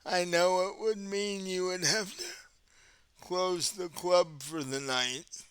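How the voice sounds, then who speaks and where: A man voicing a composed, centuries-old vampire prince who speaks with calm courtesy, in a tabletop game. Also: high voice, smooth, dry recording. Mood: courteous. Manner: calm, courteous, unhurried host tone.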